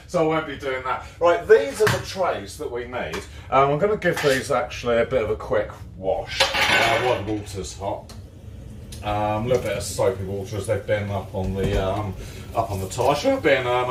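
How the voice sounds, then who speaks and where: A British man hosting a live cooking stream, chatting casually and rambling as he greets viewers by name while he bakes in his home kitchen. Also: fairly low pitch. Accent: British English. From Britain. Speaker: livestream cooking host. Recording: echoey kitchen with faint background noise.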